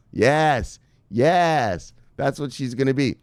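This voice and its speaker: A man's voice: mid-range voice, normal speed, a little mellow, dry recording, studio quality. A man hosting a crypto news channel, talking in a playful, hyped, casual way with lots of laughter. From Miami Beach, Florida. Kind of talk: casual video commentary.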